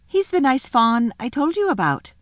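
A woman's voice: sits high, big pitch swings, normal speed, dry recording, studio quality, voice pushed up. A woman reading aloud, voicing a cheerful, eager little girl.

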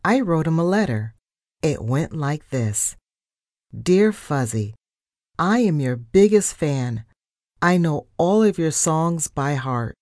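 A woman's voice: sits low, expressive, slow pace, a little mellow, no room sound, clean studio sound. A woman voicing a pushy, cheeky young female mouse reporter in a storybook. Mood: chatty.

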